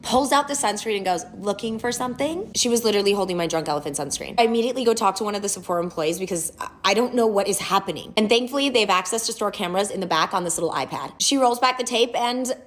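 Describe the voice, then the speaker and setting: A woman tells a storytime vlog at a quick clip. She retells an incident dramatically. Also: mid-range voice, expressive, fairly bright tone.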